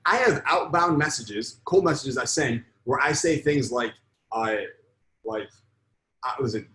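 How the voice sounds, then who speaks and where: A man's voice: on the high side, expressive, normal speed, a bit bright, reverberant, rough recording. Blunt, profane man teaching a sales lesson. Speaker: sales coach. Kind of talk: live online sales lesson.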